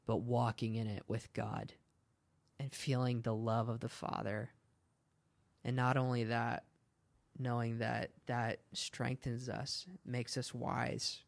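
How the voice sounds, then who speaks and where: Guy doing a christian podcast, kinda gravelly voice, dry close sound, goes off on tangents. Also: medium pitch, no echo. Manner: earnest, rambling, laughs at his own tangents. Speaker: podcast host. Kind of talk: casual Christian podcast teaching.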